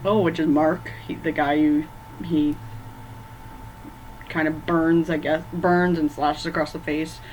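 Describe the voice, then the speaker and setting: A woman's voice: deep voice, level tone, unhurried, long pauses, darkish tone, slight background noise, poor audio. A woman ranking horror movies in a rambling, casual chat from her bedroom, full of fillers and stumbling over names. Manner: rambling, filler-heavy, loses track of names. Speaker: movie vlogger.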